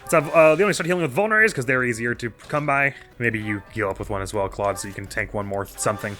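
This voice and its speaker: Turn by turn, this let's play host narrates a strategy game in fast, medium-pitched speech, working things out aloud with self-mocking chatter. Faint game music plays beneath his bright, forceful voice.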